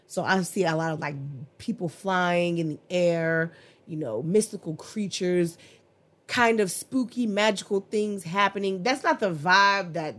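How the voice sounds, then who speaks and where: Excitable woman podcast host reviewing music. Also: lowish voice. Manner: excitable, emphatic, slangy and profane. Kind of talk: casual music review chat.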